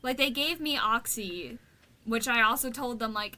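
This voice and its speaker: Woman streamer, bright and blunt. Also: on the high side, measured pace, a little hiss or hum. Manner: venting, blunt and profane. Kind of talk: casual chat while gaming.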